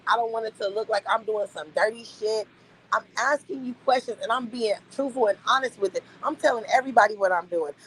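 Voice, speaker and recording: A woman's voice: fairly high pitch, a little fast, fairly bright tone, a little hiss or hum, low-quality recording. A young adult woman streaming live, venting bluntly and incredulously to her chat, repeating her points for emphasis.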